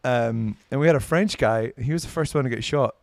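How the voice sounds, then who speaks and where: A man's voice: medium pitch, brisk, creaky, dry recording, clean studio sound. A man with a Scottish accent, a podcast guest telling stories in casual chat, swearing and self-mocking. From Scotland. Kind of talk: casual storytelling.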